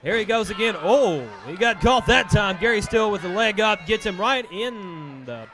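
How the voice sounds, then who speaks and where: A man with a high-pitched voice calls a televised wrestling match play by play. He names each hold and near-fall and tosses jokes back and forth with his partners at the desk. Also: animated, moderate pace, over music. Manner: joking banter between calls of the action. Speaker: play-by-play commentator. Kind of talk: wrestling TV commentary.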